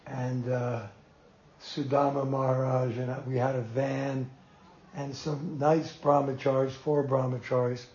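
A man's voice: medium pitch, a little slow, a little hiss or hum. Older man telling a heartfelt memory. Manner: animated and emotional, laughs between lines. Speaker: storyteller recalling his teacher. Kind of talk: reminiscing storytelling. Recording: roomy, muffled room sound.

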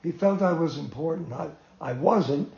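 A man's voice: a little high, moderate pace, creaky. Older man telling a heartfelt memory. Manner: animated and emotional, laughs between lines. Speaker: storyteller recalling his teacher. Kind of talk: reminiscing storytelling. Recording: roomy, muffled room sound.

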